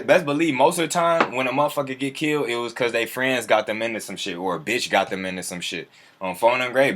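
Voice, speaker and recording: A man's voice: medium pitch, fairly bright tone. A man chatting loosely with viewers on a livestream, full of profane slang and answering their comments as they come in. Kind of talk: casual livestream chat.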